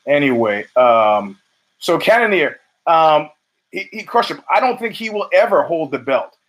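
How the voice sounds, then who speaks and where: A man's voice: a little high, sing-song, unhurried. A man hosting his own show, giving rambling, profane solo commentary full of restarts and fillers. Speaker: podcast host.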